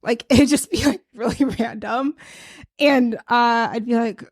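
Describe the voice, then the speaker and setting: A woman's voice: on the high side, steady tone, normal speed, no echo, clean studio sound. A young pregnant woman hosting a podcast, chatting casually and rambling as she gives lifestyle tips. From United States. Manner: chatty, rambling, many fillers. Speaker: podcast host.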